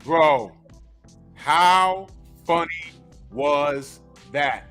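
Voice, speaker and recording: A man hosting a casual film podcast, talking excitedly with slang. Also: on the high side, drawn-out words, soft background music. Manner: excitable, lively slang-filled talk. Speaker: podcast host.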